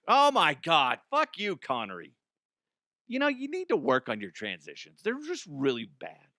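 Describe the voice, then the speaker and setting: A man's voice: a little high, wildly swooping pitch, moderate pace, bright, forceful tone, no echo, clean studio sound. A man in his forties hosting a comedy podcast, rambling in a casual, profane monologue. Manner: profane, rambling, laughs at own jokes.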